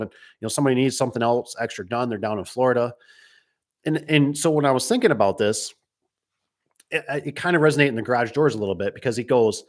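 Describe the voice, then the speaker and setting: A middle-aged man who owns a garage door business, talking casually and rambling through stories and comments with lots of quoted dialogue. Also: medium pitch. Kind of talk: casual talk answering viewer comments.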